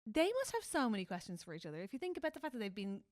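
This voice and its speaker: A woman co-hosting a podcast in lively casual chat, bouncing between quick asides and acted-out lines from the show. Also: mid-range voice, no room sound, clean studio sound. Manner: animated, quick asides, acts out characters' lines. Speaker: podcast co-host.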